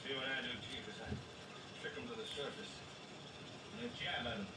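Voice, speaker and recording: A man's voice: mid-range voice, brisk, natural voice. An actor playing a crusty, scornful old shark hunter who barks orders at his crew, heard from film audio playing in the room. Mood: gruff. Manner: gruff, barking orders. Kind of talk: film dialogue. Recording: film audio played in a room, echoey, distant, noisy.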